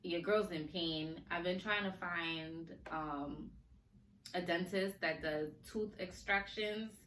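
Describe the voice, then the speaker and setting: A woman hosting a casual podcast, chatty and animated, laughing often and talking to listeners in slang, her speech a little slurred from a sore mouth. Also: on the low side, takes it slowly, a little hiss or hum. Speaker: podcast host. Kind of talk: casual chat. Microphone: recorded on video for a podcast. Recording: roomy echo, faint ambience.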